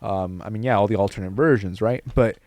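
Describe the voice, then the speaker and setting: A man's voice: on the low side, brisk, a little mellow, no echo. A man hosting a podcast in casual comedic chat, joking and swearing freely. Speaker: podcast host.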